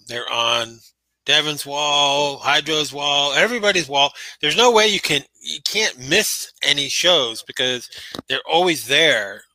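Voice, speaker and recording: A man's voice: on the high side, bright, forceful tone, no room sound, rough recording. A man co-hosting a casual podcast, talking bluntly and ranting in exasperation. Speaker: podcast co-host.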